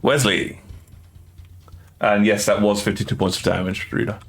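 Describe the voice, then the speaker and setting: A man narrating as game master of a tabletop game, halting with frequent restarts and fillers. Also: lowish voice, steady tone. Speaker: dungeon master.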